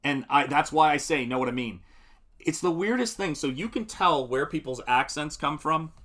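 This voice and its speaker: With lively intonation and a somewhat bright, high-leaning voice, a middle-aged man talks at normal speed during his live painting stream. He's friendly and meandering, replying to viewers' comments and laughing a lot as he paints.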